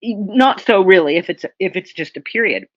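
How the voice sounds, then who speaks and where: A woman's voice: mid-range voice, animated, moderate pace, dry recording. Woman lecturing, dry dull audio. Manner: conversational, checks in with "okay?" and "right?". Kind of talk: academic seminar lecture.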